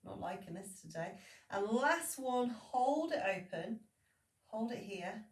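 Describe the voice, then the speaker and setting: A woman's voice: fairly high pitch, slow pace. Woman cueing a Pilates class. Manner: calm, steady cueing with counts. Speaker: Pilates instructor. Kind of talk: guided exercise class instruction. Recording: echoey room, voice from a distance.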